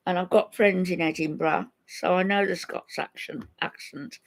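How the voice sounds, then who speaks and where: Gravelly older woman scolding viewers. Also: fairly low pitch, steady tone, normal speed, hardly any pauses. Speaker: livestream host. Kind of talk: casual livestream chat.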